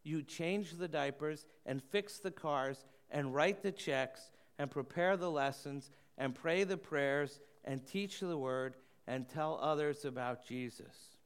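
A man preaching a sermon, earnest, often slowing and dropping to a hushed voice for emphasis. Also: on the high side, clean tone. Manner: earnest, slows and softens for emphasis. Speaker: pastor.

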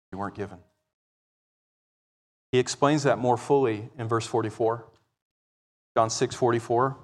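A man preaching a sermon, swinging between loud exclamations and quiet, explaining asides. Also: mid-range voice. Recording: long reverb of a large hall.

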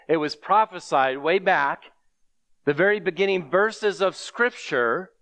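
A man's voice: sits high, a little slow, a bit bright, no room sound. A man preaching a sermon with earnest delivery, reading scripture aloud to his congregation.

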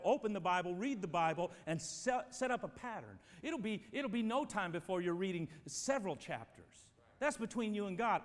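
A man preaching a sermon as pastor, emphatic and swinging between loud and quiet passages, speaking to his church. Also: high voice. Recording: long reverb of a church hall.

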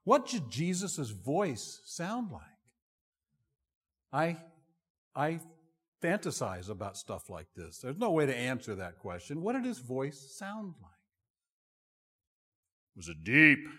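Animated pastor preaching in an echoing hall. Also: male voice, fairly high pitch, slow, breathy edge. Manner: expressive, conversational, self-deprecating. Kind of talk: sermon. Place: church sanctuary. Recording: long reverb of a large hall.

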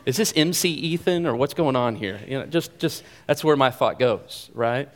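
A man preaching a sermon in a conversational, animated way, often repeating phrases for emphasis. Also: mid-range voice, normal speed. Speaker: pastor.

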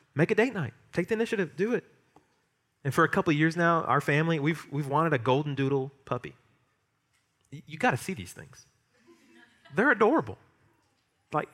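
A man preaching a sermon as pastor, lively, emphatic and humorous. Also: on the high side.

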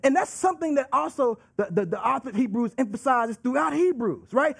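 A man preaching a sermon with emphatic, drawn-out delivery and call-and-response asides. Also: very high voice, lively intonation, creaky, slightly rough.

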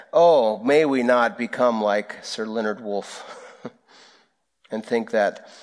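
A male pastor with a mid-range voice preaches a sermon. His delivery is earnest and prayerful, the phrases slow and deliberate.

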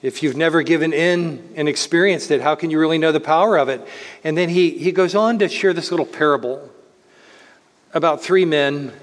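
A man preaching a sermon in an earnest way, slowing down to stress key words. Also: a little high. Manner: earnest preaching, slows to stress words, speeds up voicing others. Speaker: pastor. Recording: long hall reverb.

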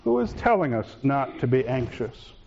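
A man preaching a sermon as pastor, swinging between raised, urgent lines and hushed, calm ones. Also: mid-range voice, moderate pace, gravelly, highs cut off.

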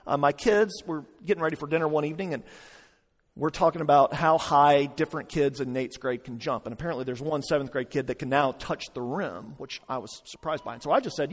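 Middle-aged male pastor, conversational sermon with joking asides, slightly high voice, long church reverb. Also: husky.

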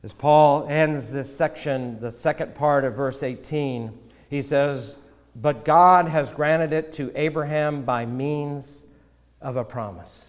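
A man preaching a sermon as pastor, slow and measured, sometimes repeating words. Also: fairly high pitch. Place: church sanctuary. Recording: long church reverb.

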